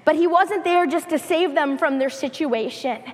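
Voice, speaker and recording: A woman preaching a sermon in a slow, emphatic style, repeating her key phrases. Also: sits high, in a large hall.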